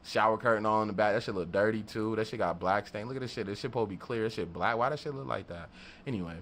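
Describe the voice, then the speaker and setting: A beatmaker and studio vlogger tells a story in a casual vlog, talking fast in a lowish voice. He laughs a lot, swears plenty, and acts out other people's lines with animated energy.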